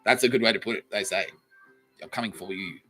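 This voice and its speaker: A man's voice: on the low side, quick pace, bright, forceful tone, breathy edge, faint music behind. A young Australian man hosting a podcast, telling a profane comic story and acting out the people in it with frequent laughs. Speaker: podcast host. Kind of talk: comedic storytelling monologue.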